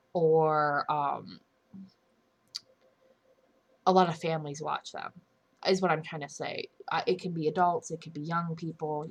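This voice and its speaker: A young woman talks straight to camera in an opinion vlog, voice sitting a little low. She sounds indignant and earnest, and she keeps restarting and correcting her own sentences as she goes. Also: a little hiss or hum. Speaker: commentary YouTuber.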